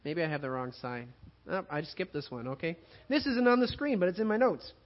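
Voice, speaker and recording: High-voiced male pastor preaching. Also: a little fast, lo-fi sound. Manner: preaching with swings between loud emphatic passages and quiet hushed ones. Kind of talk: sermon.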